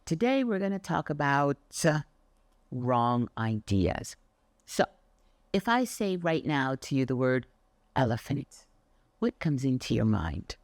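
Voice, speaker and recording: A rumbling low voice at a slow pace belongs to an older woman, a Pilates instructor giving a casual motivational talk to camera. She's a chatty, animated storyteller with the odd swear word, and the audio has no room sound.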